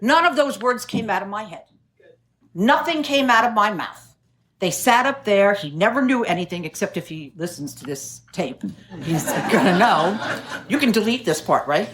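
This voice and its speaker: Middle-aged New woman, recovery meeting speaker, wry self-mocking storyteller, laughs easily, medium pitch. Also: animated, moderate pace, fairly bright tone, a little hiss or hum. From New York City.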